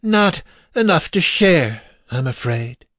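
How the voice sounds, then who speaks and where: A man voicing a menacing, taunting male vampire in a story reading, drawn-out and sneering. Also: fairly low pitch, wildly swooping pitch, a bit bright, breathy edge, dry recording, studio quality, exaggerated voice.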